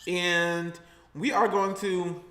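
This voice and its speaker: High, bright-voiced sassy man. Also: flat delivery, slow pace, echoey room, slight background noise. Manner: playful, sassy and chatty. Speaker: vlogger. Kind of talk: casual eating vlog chat.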